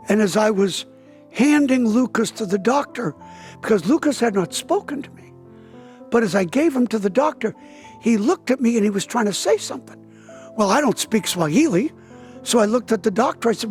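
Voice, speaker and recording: High-voiced older man telling a story. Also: animated, normal speed, long pauses, a little mellow, faint music behind. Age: 70s. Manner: vivid storyteller, acts out quoted dialogue with a raised voice. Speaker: pastor. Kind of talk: interview testimony, telling a story.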